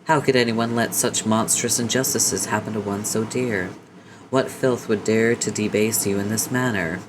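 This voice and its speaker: Male reader voicing a dramatic, chivalrous cat-person, soft and low. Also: noisy background, natural voice. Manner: courtly, theatrical. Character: gallant flowery cat-person suitor.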